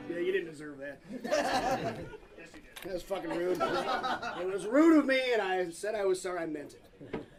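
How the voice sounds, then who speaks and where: High-voiced man joking between songs. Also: very animated, unhurried, long pauses, crowd noise. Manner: crude, self-mocking joking. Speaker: comedy band singer. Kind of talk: joking banter between songs at a small live show. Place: small room with live audience. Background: loud instrumental music.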